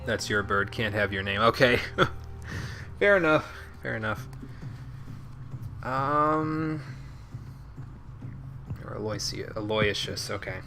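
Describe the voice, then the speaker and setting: A man's voice: fairly low pitch, animated, takes it slowly, creaky, long pauses, pushed and bright, soft background music. A young man streaming a video game, chatting casually and mumbling to himself as he plays. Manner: mumbles to himself, chuckles often. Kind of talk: casual gameplay commentary.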